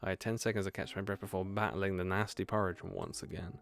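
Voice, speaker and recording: A man's voice: low-pitched, flat delivery, fast talker, gravelly. A man streaming a game, reading its text aloud with casual, swearing asides. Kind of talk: let's-play with reading aloud.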